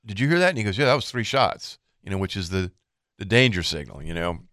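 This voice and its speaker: Low-voiced man spinning a hunting yarn. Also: fast, dry recording, studio quality. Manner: animated storyteller, acts out quoted exchanges. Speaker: fishing show co-host. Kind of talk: casual storytelling.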